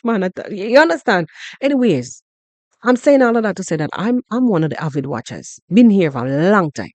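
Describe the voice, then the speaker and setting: A Jamaican woman hosting a podcast, talking through a story in an animated, repetitive way and often asking "you understand?". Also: medium pitch, fairly quick, no room sound. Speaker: podcast host. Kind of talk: casual commentary monologue.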